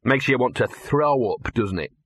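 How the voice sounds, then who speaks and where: A man's voice: mid-range voice, lively intonation, moderate pace, a bit bright, slightly rough, no echo, clean studio sound. A man voicing a cynical, bow-legged male talking dog with a sardonic, smug manner. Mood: scornful.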